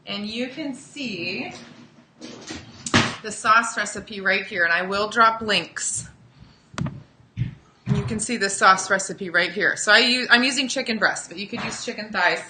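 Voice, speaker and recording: A woman's voice: medium pitch, measured pace, long pauses, roomy sound, noisy background. A woman hosting a casual live cooking demo, chatting with viewers as she cooks in a home kitchen. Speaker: cooking show host.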